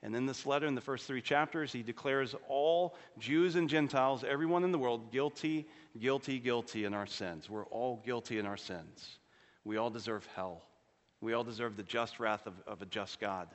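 A man preaching a sermon as pastor, earnestly rising for emphasis and dropping to a low, quiet voice on solemn points. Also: normal speed. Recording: long hall reverb.

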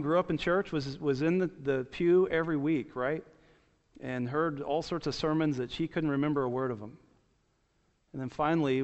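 Guy pastor preaching, earnest, kinda high voice, long church echo, muffled sound. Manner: earnest, repeats his points, frequent restarts. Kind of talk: sermon.

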